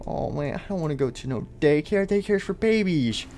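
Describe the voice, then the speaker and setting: A man's voice: a little high, animated, fairly quick, a little mellow, a little hiss or hum. A man mumbling hesitantly through a game roleplay, full of ums and restarts. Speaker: roleplay youtuber playing the boy hero.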